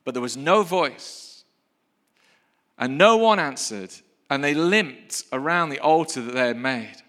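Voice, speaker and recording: A male preacher reading scripture and preaching in a lively, playful way that builds to rousing calls of praise, recorded in a church hall. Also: fairly high pitch, measured pace. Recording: long hall reverb.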